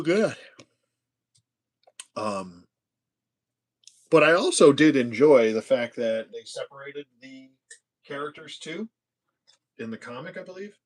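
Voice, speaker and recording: Chatty man building toys on a livestream. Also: medium pitch. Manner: chatty, jokey, talks to himself while building; hushed whispering at times. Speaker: toy collector host. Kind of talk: casual livestream toy build.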